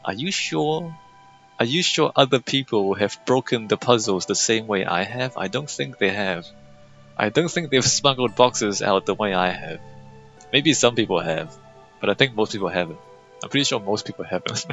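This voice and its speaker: Young man, sarcastic gameplay commentary, mid pitch, muffled lo-fi audio, faint music behind. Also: animated, moderate pace, a bit bright. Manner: sarcastic, mocking, reads dialogue aloud. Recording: muffled lo-fi mic over faint game music.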